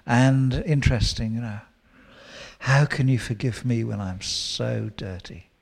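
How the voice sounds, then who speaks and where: A man preaching a sermon, teaching with lively quoted prayers and asides. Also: medium pitch, a little slow. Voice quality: gravelly.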